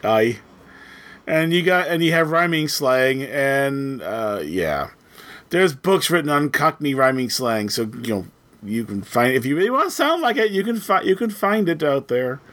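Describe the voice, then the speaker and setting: A man's voice: mid-range voice, sing-song, normal speed, fairly bright tone. A man in a casual panel chat, tossing in joking, chatty asides.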